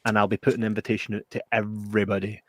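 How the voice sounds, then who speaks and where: A man's voice: lowish voice, flat delivery, rapid-fire, no echo, studio quality. A Scottish man co-hosting a casual podcast. He talks to viewers in a chatty, sweary way and explains plans for the next show. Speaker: podcast co-host.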